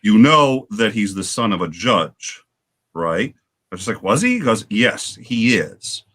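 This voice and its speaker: Animated man with a bright voice. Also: lowish voice, husky. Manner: animated, halting with many restarts. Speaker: guest on a livestream panel. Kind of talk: casual storytelling chat.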